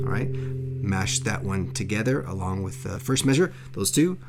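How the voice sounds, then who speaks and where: Low-voiced man teaching guitar. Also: lively intonation, moderate pace. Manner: counts beats aloud while playing, encouraging. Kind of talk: step-by-step guitar lesson. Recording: loud guitar playing under the voice.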